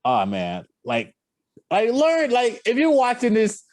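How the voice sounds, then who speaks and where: A young man co-hosting a sports podcast, chatting in an animated, laughing way, his pitch leaping up and down all the time. The sound is dry and close to the mic, with no room around it. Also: slow, no echo. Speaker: podcast co-host. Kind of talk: casual sports podcast chat.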